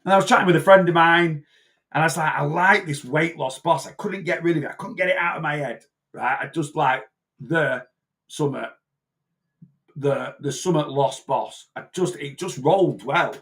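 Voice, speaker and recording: Gravelly man, rambling. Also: fairly high pitch, normal speed, fairly bright tone. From north-west England. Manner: rambling, repeats and restarts himself. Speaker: personal trainer and weight-loss coach. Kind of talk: casual rambling monologue.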